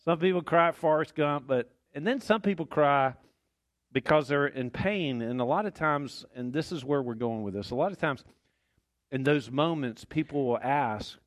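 Folksy pastor preaching. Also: male voice, fairly high pitch, moderate pace, no room sound. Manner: folksy, conversational, joking. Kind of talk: sermon. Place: church sanctuary.

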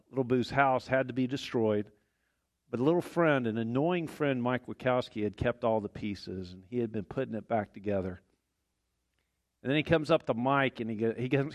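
A man's voice: mid-range voice, a little mellow, dry recording. A man preaching a sermon as pastor in a church, folksy and conversational with small jokes. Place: church sanctuary.

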